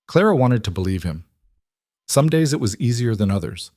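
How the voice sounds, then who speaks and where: A man narrating a scripted story in a steady, measured way. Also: medium pitch, no room sound, studio quality.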